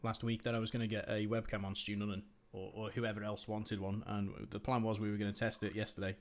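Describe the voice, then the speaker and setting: A man hosting a live stream and giving sim racing commentary, laid-back in chat and excited in the play-by-play. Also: fairly low pitch, fast, a little hiss or hum. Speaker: race commentator and stream host.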